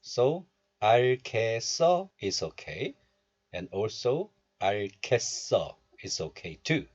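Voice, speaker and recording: Male language teacher, low husky voice, lively pitch, patient syllable drills, dull lo-fi recording. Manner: explains step by step and repeats syllables slowly for learners. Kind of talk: recorded pronunciation lesson.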